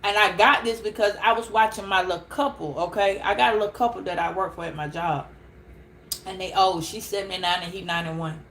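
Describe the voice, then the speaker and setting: A woman telling a story casually to camera, animated and laughing, repeating words as she goes. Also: mid-range voice, slight background noise. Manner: animated, laughing, repeats words, calls listeners girl and child. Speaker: tarot reader.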